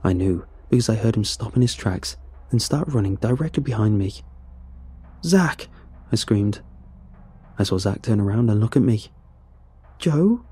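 Guy reading a creepy story, low mellow voice, steady and grim. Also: slightly rough. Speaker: horror story narrator. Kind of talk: scripted first-person horror narration.

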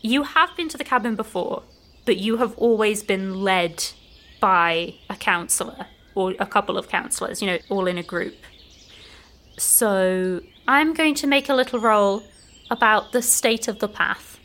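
A woman running a tabletop role-playing game, describing the scene to players in a relaxed way, full of "like" fillers. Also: medium pitch, a little slow. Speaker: game master.

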